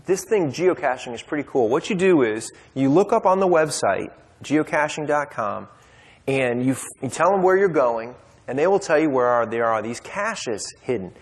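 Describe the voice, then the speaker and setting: A man's voice: medium pitch, animated, normal speed. A man telling a personal story at a Bible study, casual and conversational with fillers and restarts. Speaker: speaker at a men's Bible study. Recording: long hall reverb.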